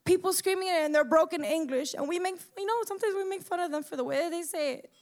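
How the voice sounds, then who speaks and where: A woman's voice: very high voice, quick pace, darkish tone. A young woman from the United States giving an impassioned personal monologue, emotional and close to tears, swearing as she speaks.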